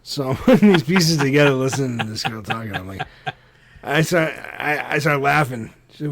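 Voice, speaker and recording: A man co-hosting a casual podcast, telling a story in an ordinary mid-range voice. He swears freely and laughs easily at his own story. The tone is loose, chatty, and animated. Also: medium pitch, moderate pace, gravelly. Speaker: podcast co-host.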